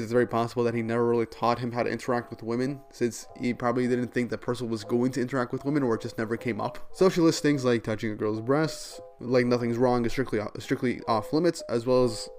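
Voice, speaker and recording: A man's voice: mid-range voice, fairly even intonation, fast talker, few pauses, a little mellow, soft background music. Chatty man recapping manga chapters. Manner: chatty, many "like" fillers, laughs often. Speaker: manga reviewer. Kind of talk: casual chapter recap and commentary.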